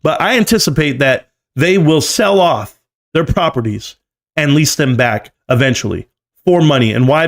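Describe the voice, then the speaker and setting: A man giving live stream market commentary, emphatic and lecturing, often repeating key numbers. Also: medium pitch. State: coughing, choked up.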